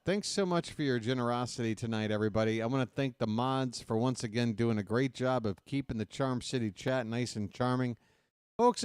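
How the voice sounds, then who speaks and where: A man's voice: medium pitch, darkish tone, smooth, dry recording, studio quality. A man hosting a baseball play-by-play livestream, chatting casually with viewers after the game and calling them folks. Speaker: play-by-play host.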